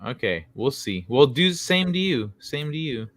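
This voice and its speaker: A man's voice: medium pitch, very animated, moderate pace, fairly bright tone, dry recording. A man hosting a casual gaming talk stream, joking and teasing his co-hosts. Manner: joking, teasing, laughs often. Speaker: host. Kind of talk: casual chat.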